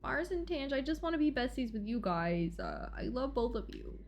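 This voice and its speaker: Woman streamer, lively pitch, higher voice, expressive, game music faint behind. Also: normal speed, a little hiss or hum. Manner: expressive, swings from dramatic outbursts to mumbling. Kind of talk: live game playthrough and reading aloud.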